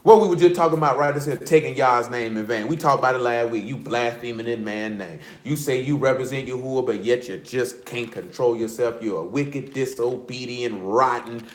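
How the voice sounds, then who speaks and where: A man preaching a sermon in a blunt, animated street style, mixing scripture reading with slang. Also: mid-range voice, brisk, hardly any pauses. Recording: echoey room.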